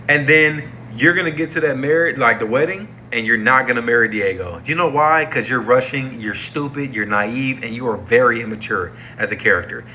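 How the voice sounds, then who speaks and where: A man's voice: medium pitch, a little fast, few pauses, sharp tone, a little hiss or hum. A young man giving a casual, heated review of a TV show, slangy and exasperated, repeating himself for emphasis.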